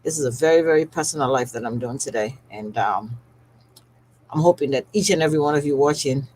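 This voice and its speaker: A skincare business owner hosts a livestream and speaks heartfelt words directly to her viewers, close to tears in this emotional personal broadcast. Her voice is bass and darkish, and she talks fairly quickly. The audio is poor, with slight background noise.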